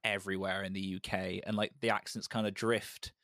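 A man's voice: sits low, flat delivery, brisk, a bit bright, no echo, studio quality. A British man co-hosting a podcast, chatting casually and enthusiastically about comedy films. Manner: enthusiastic, acts out quotes in a raised voice. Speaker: podcast host. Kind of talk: casual film discussion.

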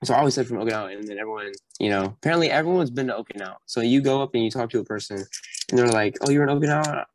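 A young adult man as a podcast guest, telling animated stories full of fillers and acting out quoted voices with sudden high jumps. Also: rapid-fire, a little hiss or hum, low-quality recording. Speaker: podcast guest, Marine recounting boot camp. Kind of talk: casual storytelling chat.

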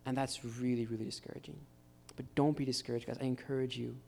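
A man with a warm, medium-pitched voice and some vocal fry preaches quickly, his intonation fairly even, with slight background noise. It's a relaxed, uplifting sermon at a church gathering with live guitar faintly audible. He keeps referring to his listeners as "guys."

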